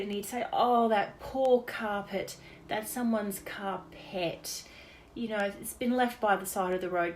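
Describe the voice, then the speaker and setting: A woman's voice: mid-range voice, fairly bright tone. An Australian woman casually reminiscing in an unrehearsed birthday message, chatty and laughing between stories. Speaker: daughter giving a birthday message.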